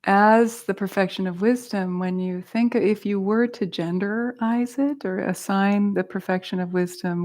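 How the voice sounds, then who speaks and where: A woman's voice: medium pitch, steady tone, a little slow, few pauses, a little mellow. A woman teaching a meditation class, patiently explaining terms in a casual way and adding self-aware asides to the group.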